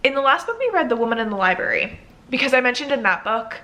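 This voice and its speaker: A woman's voice: on the high side, expressive, fast talker, sharp tone. A young woman in a casual book review vlog, chatting and thinking aloud with lots of "like" fillers. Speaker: book vlogger.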